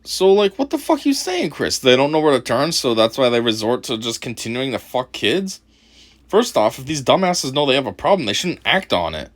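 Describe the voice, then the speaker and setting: A man's voice: medium pitch, lively intonation, a little fast. A man hosting a casual video commentary, mocking and profane, laughing often. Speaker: commentary channel host.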